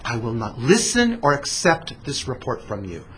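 A man's voice: mid-range voice, big pitch swings, normal speed, a bit bright, a little hiss or hum, pitched below the performer's own voice. A man putting on an outraged righteous governor. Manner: outraged scolding, raised voice. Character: indignant righteous male governor, stern.

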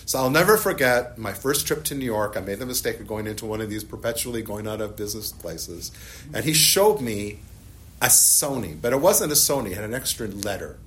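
A man's voice: fairly low pitch, a little fast, slight background noise. A middle-aged man teaching a Bible class, explaining the text and telling personal stories while asking his listeners questions. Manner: animated, storytelling, asks the class questions.

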